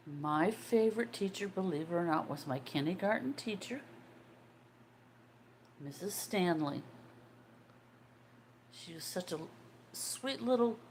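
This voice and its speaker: An older woman in her sixties talks in a low, easy voice, hosting a casual livestream. She chats away and answers viewers' comments as they come in. A faint room ambience sits behind her. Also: animated, unhurried, long pauses, a little mellow, a little hiss or hum. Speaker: livestream host.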